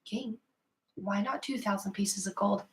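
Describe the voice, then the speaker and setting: A woman voicing a sly magic lamp in a spoken fable, with a smooth, coaxing tone. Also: medium pitch, measured pace, slight background noise, close to an everyday voice.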